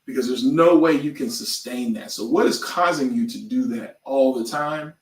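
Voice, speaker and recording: A man co-hosting a podcast in casual chat, animated and prone to loud outbursts and impressions. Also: mid-range voice, moderate pace, roomy sound, distant mic. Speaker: podcast co-host.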